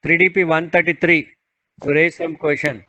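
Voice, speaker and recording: A man runs an online session, calling on participants again and again. His voice is bright and fairly high. The sound is dry and muffled, as on a video call. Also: fairly even intonation, normal speed, no echo. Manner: repeats calls and requests patiently. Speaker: webinar moderator.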